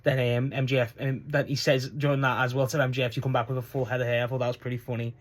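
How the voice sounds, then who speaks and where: A man's voice: mid-range voice, little pitch movement, fast talker. A man giving a casual spoken review of a wrestling show, rambling with lots of fillers and swearing. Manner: rambling, profane, frequent restarts and fillers.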